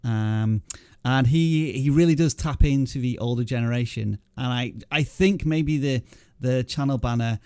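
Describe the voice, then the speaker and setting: A man's voice: mid-range voice, normal speed, darkish tone, clear, resonant tone, no echo, clean studio sound. A man hosting a livestream panel, chatting casually and joking at his own expense. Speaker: livestream host. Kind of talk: casual panel chat reviewing channels.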